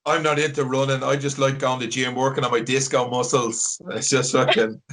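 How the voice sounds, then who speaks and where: A man's voice: medium pitch, flat delivery, moderate pace, heavy background noise. A man hosting a podcast, chatting casually, enthusiastic and sweary. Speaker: podcast host. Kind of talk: casual chat.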